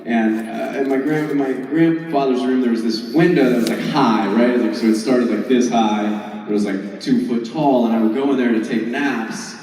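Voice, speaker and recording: A man's voice: mid-range voice, moderate pace, a little mellow. A man telling funny stories on a convention panel, laughing often as he talks. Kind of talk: comic storytelling to an audience. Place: large convention hall with audience. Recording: roomy hall, distant mic, crowd.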